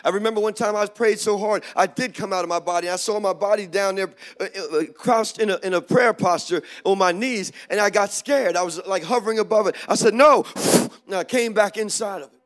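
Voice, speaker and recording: A middle-aged male preacher telling a personal story in a sermon, animated, swinging from hushed moments to loud exclamations. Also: high-pitched, brisk, few pauses.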